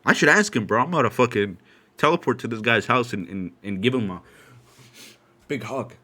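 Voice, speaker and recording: A young man hosting a podcast from his dark room at home, telling a story in an animated, profane way and laughing often. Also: mid-range voice, brisk. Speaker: podcast host. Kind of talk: casual storytelling.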